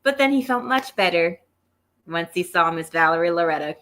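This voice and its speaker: A woman's voice: fairly low pitch, expressive, moderate pace, fairly bright tone. A woman co-hosting a wrestling review show, recapping in an offhand, breezy way.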